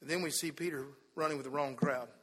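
A man preaching a sermon in a church, telling the story and acting out the people in it, dropping to a hush and then rising loud again. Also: on the high side, fairly even intonation, fast talker, breathy edge. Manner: storytelling, acts out quoted voices, swings from hushed to loud. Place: church sanctuary. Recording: long hall reverb.

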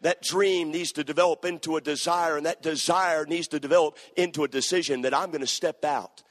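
A middle-aged man preaching in a church sanctuary, his fairly high voice carrying a long reverb off the walls of the hall. He tells his stories with dramatic flair, acting out the voices in them, and drives his points home with emphatic, rising exhortation. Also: fairly even intonation, fairly quick. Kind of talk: sermon.

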